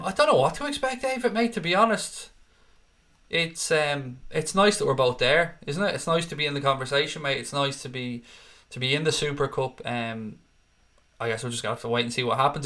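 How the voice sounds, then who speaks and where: A man's voice: medium pitch, bright, forceful tone. A man, chatting casually as host of a live stream and reading out viewer comments. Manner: chatty, casual, swears freely.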